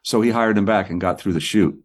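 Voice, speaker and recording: Husky middle-aged man, author guest, animated storyteller, stumbles over words. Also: lowish voice. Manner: quick, repeats words and acts out quoted people.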